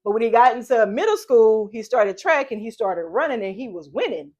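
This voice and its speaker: A middle-aged woman hosting a podcast, chatting casually and telling stories with animated voices for the people she quotes. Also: fairly high pitch, a little fast, highs cut off. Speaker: podcast host and mother. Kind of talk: casual storytelling chat.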